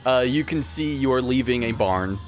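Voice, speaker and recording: A man narrating as game master in a tabletop game, relaxed and full of fillers. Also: medium pitch, moderate pace, background noise. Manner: relaxed, hesitant, many fillers.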